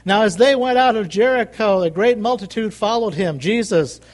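This man preaches a sermon with emphasis, repeating phrases and calling out to the congregation for amens. His voice is high and his pace is moderate.

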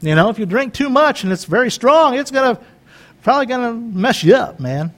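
A man's voice: very high voice, sing-song, fairly quick, a bit bright. A man in his fifties preaching in a folksy, conversational way, joking and wandering into chatty asides. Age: 50s. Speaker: pastor.

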